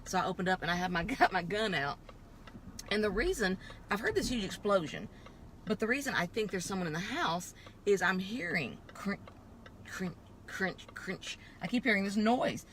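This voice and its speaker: A woman telling a dramatic personal story in a lively way while driving, laughing often and acting out the voices of other people. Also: medium pitch, brisk, slight background noise. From Texas. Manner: animated, laughs often, acts out voices in quotes. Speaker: vlogger. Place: in a car.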